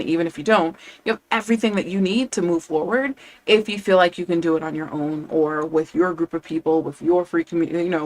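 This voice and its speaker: A woman language coach in casual live-stream chat, enthusiastic and chatty, laughing often as she talks. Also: on the low side.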